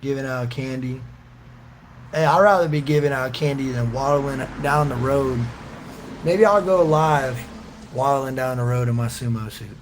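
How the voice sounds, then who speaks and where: A man's voice: medium pitch, moderate pace, slight background noise. A man hosting a casual livestream, reading out viewers' comments and answering in a loose, joking, slangy way with frequent laughs. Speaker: livestream host reading chat.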